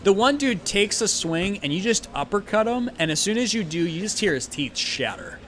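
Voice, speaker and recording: A man's voice: sits high, sing-song, normal speed, fairly bright tone, slight background noise. Casual rambling male game master. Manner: casual, rambling with many fillers. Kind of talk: narrating a tabletop game.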